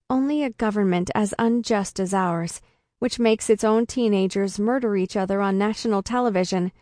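Woman doing deadpan audiobook narration, mid pitch, super dry close sound. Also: dry recording. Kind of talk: first-person audiobook narration.

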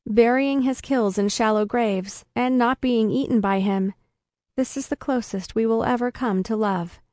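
A woman reading a first-person story aloud in a deadpan comic way. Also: on the high side, a little slow, no echo, clean studio sound. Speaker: narrator. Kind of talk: first-person audiobook narration.

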